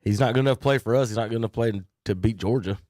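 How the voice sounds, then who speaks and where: A man's voice: mid-range voice, very fast, a little mellow, no room sound, studio quality. A man hosting a casual sports talk show, joking and laughing as he runs through picks. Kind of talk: casual sports radio banter.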